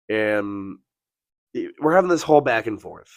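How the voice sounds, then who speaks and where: A man co-hosting a podcast, telling a profane, animated story and acting out the quotes. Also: lowish voice, a little fast, pauses often, no echo. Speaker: podcast co-host. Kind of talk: casual storytelling.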